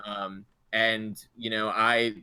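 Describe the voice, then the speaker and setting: A man co-hosting a gaming podcast in casual chat, thinking out loud with restarts and fillers. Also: lowish voice, level tone, takes it slowly, smooth, no echo. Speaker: podcast co-host.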